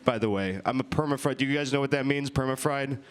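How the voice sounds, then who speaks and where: A man's voice: medium pitch, fast talker, clean tone. A young man doing an improvised stand-up set, rambling and swearing and laughing at his own stories. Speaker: improv comedian. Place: winery comedy show with live audience.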